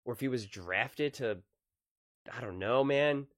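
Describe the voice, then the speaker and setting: Guy ranting his sports takes, lots of rhetorical questions, gets loud and emphatic, dry close sound. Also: medium pitch, measured pace, no echo. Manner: argumentative, rhetorical questions, rising to emphatic peaks. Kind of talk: sports opinion monologue.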